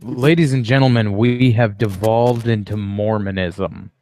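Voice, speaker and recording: A man's voice: lowish voice, steady tone, unhurried, darkish tone. A man in casual livestream chat, throwing in sarcastic, crude one-liners.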